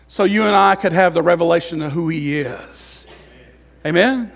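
A middle-aged male pastor preaching a sermon in a church, emotional, with swings between loud, fervent passages and quiet, musing asides. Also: high voice, expressive, normal speed, creaky. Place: church sanctuary.

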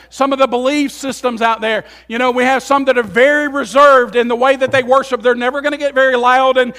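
A pastor preaching a sermon, swinging between loud, emphatic passages and quiet, low asides, often repeating and restarting his phrases.

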